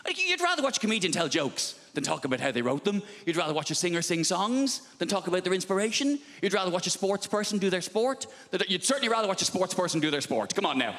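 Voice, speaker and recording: A man doing stand-up comedy on a big theatre stage, ranting in an animated, exasperated way. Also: high voice, fast talker, few pauses. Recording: large echoing theatre hall with noise.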